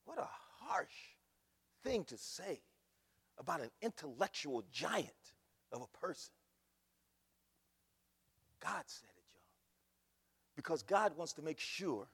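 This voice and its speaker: A man preaching a sermon as pastor, swinging from soft asides to loud shouting, mocking quoted voices along the way. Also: a little high, sing-song, slow pace, gravelly, long pauses, slightly rough. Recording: echoey hall recording.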